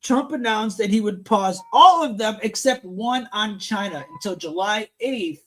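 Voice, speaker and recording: A man's voice: high-pitched, animated, unhurried, a bit bright. A man hosting a live stream panel, reading and ranting about the news in a crude, profane, brash way.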